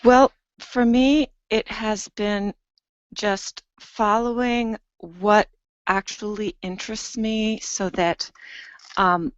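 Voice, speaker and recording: A woman answering a panel question over a video call, measured and careful. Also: mid-range voice, fairly even intonation, clear, resonant tone, dry recording. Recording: dry lo-fi web call audio.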